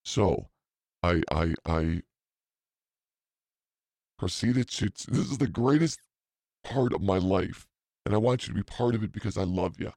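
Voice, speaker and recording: A man's voice: low voice, unhurried, pauses often, darkish tone, no echo. A man in his fifties hosting a podcast, telling a rambling story in a profane, self-mocking way, full of asides. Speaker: podcast host.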